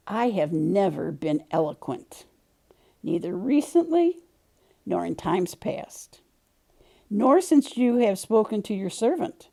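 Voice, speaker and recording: A woman's voice: mid-range voice, creaky, dark tone, exaggerated voice. A woman voicing Moses, a nervous, reluctant male prophet who pleads hesitantly.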